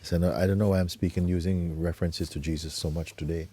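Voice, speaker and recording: A man acting as a spiritual teacher, talking gently and unhurriedly in an informal talk, often adding tag questions like "you see". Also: low-pitched, steady tone, fast, husky.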